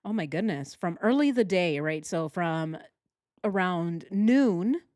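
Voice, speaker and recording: Woman, true crime commentator, low-pitched, dry close mic, indignant, chatty. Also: animated, slow pace, darkish tone, no room sound. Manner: indignant, conversational, asks viewers questions. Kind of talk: reaction commentary over video.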